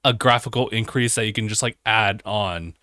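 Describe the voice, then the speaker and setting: A young man co-hosting a gaming podcast, chatting in a relaxed, easygoing way. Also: lowish voice, normal speed, no room sound, studio quality. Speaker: podcast co-host. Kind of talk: casual chat.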